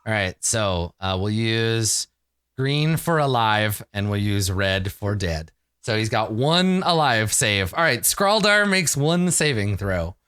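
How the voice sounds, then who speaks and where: A man's voice: on the low side, big pitch swings, slow pace, a bit bright, clean tone, no echo, studio quality. A man running a tabletop game as game master, laughing often while he narrates the action.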